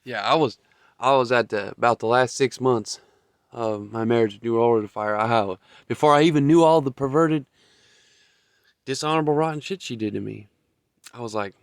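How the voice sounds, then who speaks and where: A man's voice: mid-range voice, fairly quick, gravelly, long pauses, no echo, studio quality. A man giving a blunt, profane, heated monologue as a vlogger. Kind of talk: ranting monologue.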